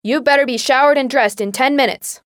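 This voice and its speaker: A woman voicing an exasperated mother who shouts orders at her teenage daughter through a door. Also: high voice, a little fast, no echo, studio quality, pitched above the performer's own voice. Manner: shouting, frustrated and commanding.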